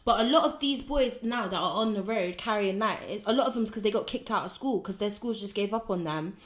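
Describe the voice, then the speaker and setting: A woman's voice: mid-range voice, a little fast, echoey room. A young British woman co-hosting a podcast, telling her story in an earnest, heartfelt way. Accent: British English. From England. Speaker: podcast co-host. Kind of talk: casual podcast chat.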